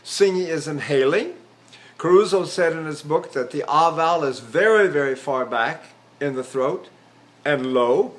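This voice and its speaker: A man's voice: a little high, a little slow. An older man, a trained tenor, giving a voice lecture, explaining technique and breaking into sung syllables and vowels, with fillers and restarts. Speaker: voice teacher. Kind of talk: vocal lecture with sung demonstrations.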